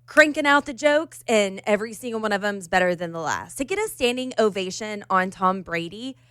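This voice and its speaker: Woman, podcast co-host, enthusiastic storyteller, middle pitch, dry close mic. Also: lively intonation, a little fast, a bit bright, clear, resonant tone, no echo. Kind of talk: casual chat.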